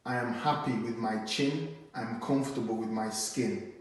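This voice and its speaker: A man performing rhyming spoken word poetry with a steady, earnest cadence. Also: medium pitch, moderate pace. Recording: very echoey room, mic at a distance.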